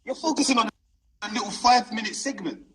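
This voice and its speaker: A man's voice: high-pitched, quick pace, a crowd in the background. A man arguing insistently on a live stream video call, repeating himself and talking over the other man. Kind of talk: heated live stream argument.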